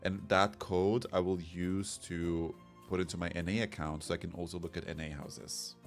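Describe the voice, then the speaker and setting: A man's voice: low-pitched, flat delivery, normal speed. A man streaming a game, chatting casually and rambling as he reads chat comments aloud. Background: soft background music.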